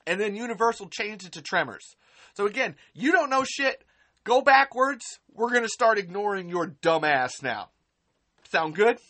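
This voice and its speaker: A woman's voice: mid-range voice, lively intonation, normal speed, fairly bright tone. A woman hosting a live stream, ranting angrily and sarcastically with heavy swearing and repeated emphasis. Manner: angry, profane, sarcastic, repeats herself for emphasis. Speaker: podcast host on a live stream.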